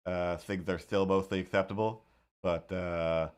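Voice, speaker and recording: A man with a lowish voice chats casually while drawing on a stream. He rambles through his story, circling back with fillers and restarts. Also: steady tone, measured pace, a little mellow, clean tone. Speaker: webcomic artist streaming.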